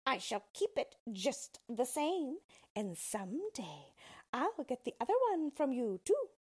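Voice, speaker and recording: A woman voicing a spiteful wicked witch in a storybook reading, with a shrill, hissing voice. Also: sing-song, takes it slowly, a little mellow, breathy edge, exaggerated voice. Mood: gloating.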